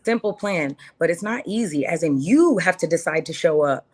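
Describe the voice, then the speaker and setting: Earnest, lower-voiced woman guest. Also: animated, moderate pace. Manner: earnest and heartfelt, repeats phrases for emphasis. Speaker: podcast guest. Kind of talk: candid interview chat.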